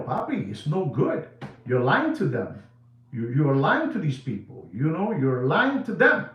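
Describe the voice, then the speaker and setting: A watch-dealer host talks straight to his viewers in a casual monologue, hammering points home by repeating words and calling out to ladies and gentlemen. He is a native Spanish speaker, and his voice bounces around an echoey room. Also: a little high, muffled recording. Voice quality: emphatic, repetitive, drawn-out phrasing.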